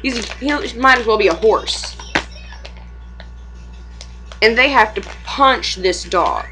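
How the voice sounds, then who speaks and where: A woman's voice: on the high side, animated, takes it slowly, pushed and bright, soft background music, low-quality recording. A young woman and mother chatting casually at home for a vlog, rambling, swearing freely and laughing often.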